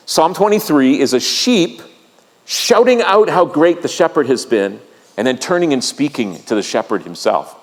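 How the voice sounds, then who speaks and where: A man's voice: fairly high pitch, sing-song, moderate pace. A male pastor preaching a sermon with vivid storytelling, drawing the congregation into the reading. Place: church sanctuary. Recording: long reverb of a church sanctuary.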